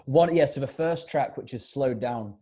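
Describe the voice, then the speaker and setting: A man's voice: mid-range voice, moderate pace, dark tone, breathy edge. A man with an English accent, chatting as a guest musician on a video call, rambling and laid-back, cursing freely. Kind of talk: casual chat.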